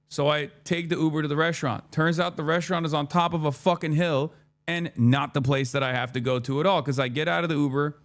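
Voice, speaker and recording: Animated, profane man telling a story. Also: mid-range voice. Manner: profane, animated, acts out his own dialogue. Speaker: streamer. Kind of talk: casual storytelling chat.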